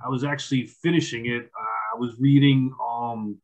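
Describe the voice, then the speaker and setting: A man's voice: mid-range voice, fairly even intonation, moderate pace, muffled recording. A man, a wildlife photographer and author, telling stories in a casual interview, rambling and repeating his words. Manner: rambling, repeats words, acts out quoted dialogue.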